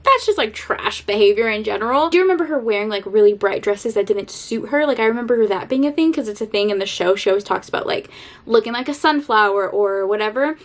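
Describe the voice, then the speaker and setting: Young woman rambling in a vlog, kinda high voice, chatty and animated, laughs a lot. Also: fast. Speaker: book vlogger. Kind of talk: casual vlog chat.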